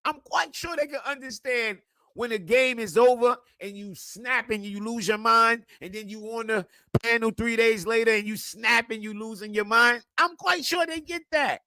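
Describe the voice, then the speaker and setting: A man ranting profanely on a livestream, swinging between quiet muttering and loud outbursts. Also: very high voice, moderate pace, no room sound. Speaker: streamer and football content creator. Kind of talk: casual livestream rant.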